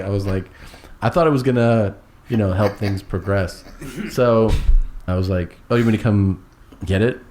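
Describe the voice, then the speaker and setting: A man with a very deep voice spins a casual, meandering anecdote, swearing freely. He acts out each exchange with "I was like" quotes. A faint hiss sits under the voice. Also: moderate pace, darkish tone. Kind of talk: casual storytelling chat.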